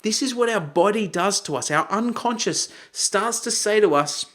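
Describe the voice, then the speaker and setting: A man's voice: high-pitched, normal speed. A man coaching a group, teaching with acted-out examples and raising his voice for quoted lines. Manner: animated, acts out shouted quotes.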